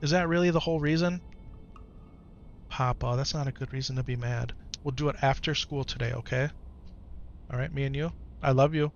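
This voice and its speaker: A man in his thirties with an American accent, a streamer and father talking at home, gentle and patient with his child, lively with his chat. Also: medium pitch, a little fast, pauses often, highs cut off, faint music behind. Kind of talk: casual live-stream chat.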